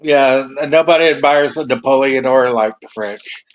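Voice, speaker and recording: A man's voice: mid-range voice, normal speed. Wry, joking man in casual chat. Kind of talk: casual chat among friends.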